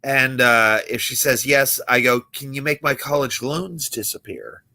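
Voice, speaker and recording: A young man with a mid-range voice that's a little slow, creaky, bright and forceful. He's a magician hosting a late-night livestream, chatting casually and telling stories while acting out the people he quotes.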